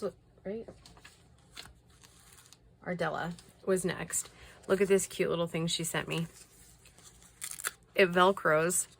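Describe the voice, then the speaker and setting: Gushing softly over handmade mail from subscribers, this woman chats casually and now and then slips into a whisper. She speaks with a fairly low pitch and vocal fry, and there's slight background noise.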